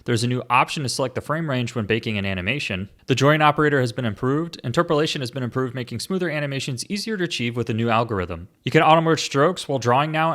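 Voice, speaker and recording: A man hosting a scripted software update overview, with joking asides. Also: mid-range voice. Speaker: tech video host.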